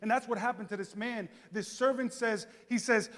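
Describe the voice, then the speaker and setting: A high-pitched man preaching with a bright, ringing tone. His sermon swells from hushed storytelling to fervent shouts. The sound carries a long echo from a large church hall. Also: fairly even intonation, normal speed. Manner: builds from quiet to shouting fervor. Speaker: pastor.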